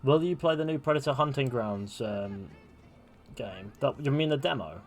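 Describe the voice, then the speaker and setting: A man's voice: medium pitch, expressive, normal speed, faint music behind. Chatty young male game streamer. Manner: chatty, offhand, swears. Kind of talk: casual commentary over gameplay.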